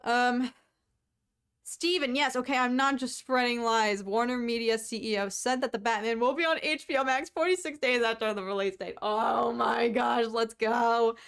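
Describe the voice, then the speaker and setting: A young woman from the United States, co-hosting a podcast, chatting casually to viewers with quick asides and frequent laughter. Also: on the high side, fairly bright tone, clear, resonant tone. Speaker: podcast co-host. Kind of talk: casual solo chat to viewers.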